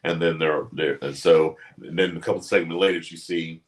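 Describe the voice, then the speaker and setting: A man's voice: very deep voice, a little fast. A man co-hosting a casual wrestling chat show, telling stories with lots of energy, acting out quotes and laughing often. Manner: animated storyteller, acts out quotes, laughs often. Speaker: podcast co-host.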